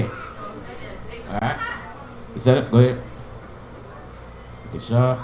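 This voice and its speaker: Patient man teaching slowly in an echoey room. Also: mid-range voice, warm tone, a little hiss or hum. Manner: patient, repeats words slowly with memory tricks. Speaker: Hebrew teacher. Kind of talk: informal online language lesson.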